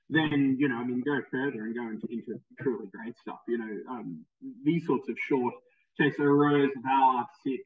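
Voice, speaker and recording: A man's voice: mid-range voice, husky. A male music teacher giving a recorded presentation, enthusiastic, with frequent ums and repeated words. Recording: tinny phone-like sound, distant mic.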